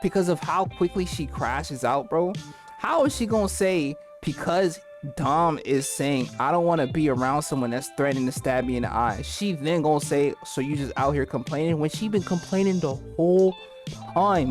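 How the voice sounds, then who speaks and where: A woman with a very low voice gives casual commentary full of slang. She keeps saying bro and gets animated. Music plays clearly underneath her voice. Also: normal speed. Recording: music playing clearly behind.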